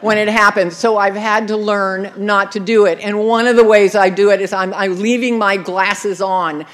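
A woman's voice: medium pitch, steady tone, normal speed. A woman telling a personal recovery story in a wry, self-mocking way, often breaking into laughter. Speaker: speaker sharing her recovery story.

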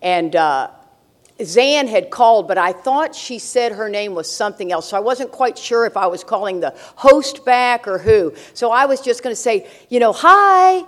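Brash, joking humor and regular laughter mark this older woman's stories, told to an audience at a recovery meeting. She speaks at normal speed in an animated, mid-range voice.

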